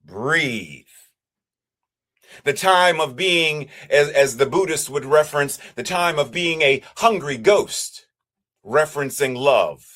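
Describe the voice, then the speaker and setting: A man preaching as a minister, with a measured, repetitive cadence. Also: on the high side, fairly bright tone. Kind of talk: sermon.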